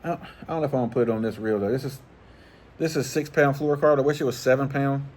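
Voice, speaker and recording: A middle-aged man talks in a loose, rambling vlog style. His pitch sits in the ordinary middle, and he swears freely with easy chuckles. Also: steady tone, racing, a little mellow, slight background noise. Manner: rambling, profane, laid-back, chuckling. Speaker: fishing channel host. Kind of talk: casual vlog chat.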